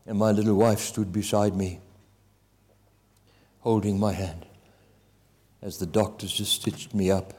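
A man preaching a testimony sermon, impassioned, with swings between loud and hushed delivery. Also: fairly low pitch, slightly rough.

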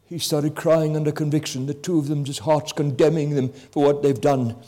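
A man preaching a testimony sermon, impassioned, with swings between loud and hushed delivery. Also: fairly high pitch, steady tone, moderate pace.

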